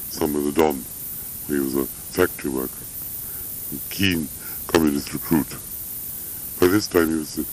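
Older man with a very deep voice. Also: slight background noise, poor audio. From Russia. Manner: rambling, anecdotal, with frequent asides. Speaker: interviewee. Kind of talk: reminiscing conversation.

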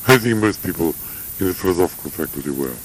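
An older man in a reflective interview, speaking in a measured, halting way with frequent pauses and fillers. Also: deep voice, lively intonation, slight background noise, low-quality recording. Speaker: interviewee, academic.

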